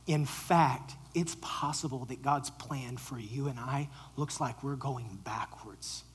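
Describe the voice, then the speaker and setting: A man preaching a sermon to a live audience, animated, joking with the crowd and dropping to a whisper for quoted lines. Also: medium pitch, takes it slowly, few pauses, a little hiss or hum, rough recording. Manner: jokes with the audience. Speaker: pastor.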